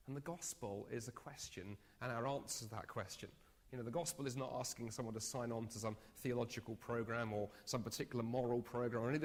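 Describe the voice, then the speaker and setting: Animated man teaching in an echoing hall. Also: medium pitch. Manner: lively storytelling with self-mocking humor. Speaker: speaker. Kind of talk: evangelism training talk. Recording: echoey hall sound.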